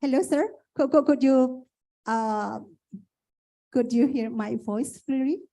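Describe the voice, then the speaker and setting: A woman's voice: sits high, slow pace, mellow. A woman moderating an online conference, polite and apologetic, often repeating her questions.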